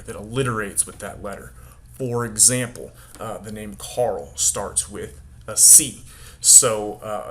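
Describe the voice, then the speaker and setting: A man's voice: on the low side, bright, forceful tone, a little hiss or hum. A male teacher explaining a classroom name game in a casual, upbeat way, acting out bits of dialogue with students. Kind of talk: casual instructional talk to camera.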